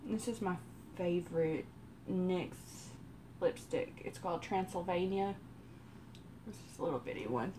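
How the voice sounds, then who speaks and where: A woman with a Texas accent telling a personal story in a slow, rambling way while doing her makeup on a live stream. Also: on the low side, lively intonation, background noise. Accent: Texan. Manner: slow rambling delivery with many pauses. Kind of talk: casual storytelling during a makeup routine.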